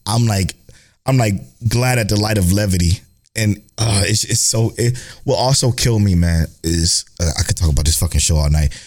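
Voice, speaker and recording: A man with a lowish voice talks in a loose, excitable way, gushing and swearing as he co-hosts a casual podcast. His delivery is animated and enthusiastic. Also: moderate pace. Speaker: anime podcast co-host. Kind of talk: casual chat.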